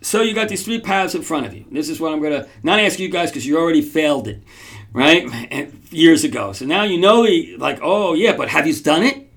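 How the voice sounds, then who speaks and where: A man's voice: fairly high pitch, very animated, fairly quick, vocal fry, fairly bright tone. A man hosting a podcast, telling a story casually to his audience in a rambling way, with restarts and frequent checks like "right?". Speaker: podcast host.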